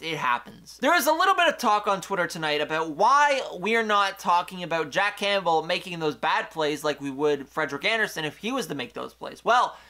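A young man recapping a hockey game on his own channel, talking in an animated way that swings from excited outbursts to quiet asides. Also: high voice. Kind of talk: solo game recap commentary.

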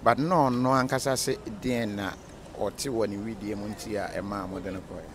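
Low-voiced male interviewer on the street. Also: fairly even intonation, moderate pace. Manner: brief, questioning. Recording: street noise with vehicles.

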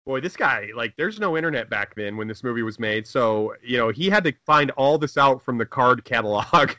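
A man's voice: mid-range voice, lively intonation, normal speed, pushed and bright, dry recording. A man co-hosting a casual comedy movie commentary, joking and riffing with silly quoted voices. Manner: jokey, puts on silly quoted voices, laughs often. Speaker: riff commentary co-host.

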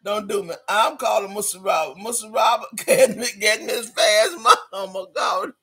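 A man hosting a casual live stream, reading viewer comments aloud with loud, laughing, sassy banter. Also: sits high, lively intonation, moderate pace, gravelly, slightly rough.

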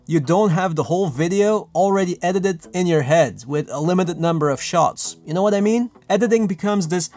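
A man giving casual, lively filmmaking tips to camera, chatty and self-mocking. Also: sits high, brisk, hardly any pauses. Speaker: filmmaking vlogger. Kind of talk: casual tutorial talk to camera.

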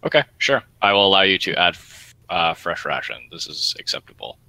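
A man narrating a tabletop game as game master, describing scenes in a halting way with many fillers. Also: sits low, big pitch swings, vocal fry, bright, forceful tone, dry recording, poor audio.

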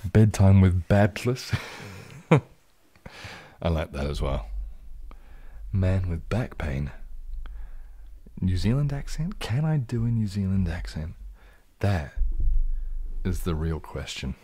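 A man hosting a relaxed, jokey live stream, reading out and answering viewer comments, a little tipsy from champagne and sometimes dropping into a whisper. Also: low-pitched, slow pace, long pauses, husky. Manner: laid-back and jokey, drifting into soft whispers. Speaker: ASMR channel host.

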